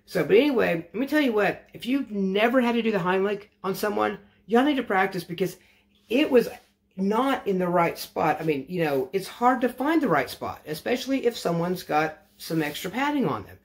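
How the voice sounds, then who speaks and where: A man's voice: high-pitched, big pitch swings, normal speed, creaky. A man telling a casual storytime to his vlog audience, rambling and correcting himself as he goes, wry and matter-of-fact. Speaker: vlogger.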